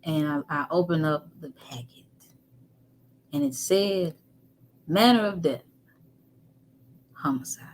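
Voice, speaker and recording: Woman, deep voice, emotional storytelling, soft hiss behind. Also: slow pace, long pauses. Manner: candid, animated, drops to whispers. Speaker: guest.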